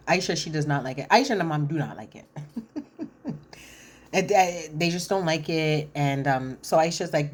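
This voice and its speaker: A woman's voice: low voice, moderate pace, long pauses. A woman giving a chatty, blunt, slangy recap of a reality show, with lots of fillers. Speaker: reality TV commentator. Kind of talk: casual recap commentary.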